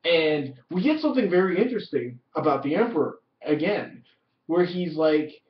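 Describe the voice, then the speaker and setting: A man giving a casual spoken review of a TV episode, excited and profane, leaning heavily on "like". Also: fairly high pitch, moderate pace. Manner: excited, profane, heavy use of "like". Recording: roomy, distant, dull lo-fi audio.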